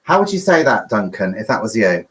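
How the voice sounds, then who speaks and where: A man's voice: fairly low pitch, very animated, fairly quick, poor audio. A man hosting a live online pub quiz, chatty and rambling, with lots of flustered asides. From United Kingdom.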